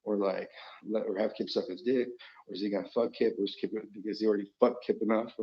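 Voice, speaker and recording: Man on a solo livestream, rambling and profane, lurching from loud to muttered; gravelly, dull lo-fi sound. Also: fairly low pitch, steady tone, brisk. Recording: dull lo-fi recording.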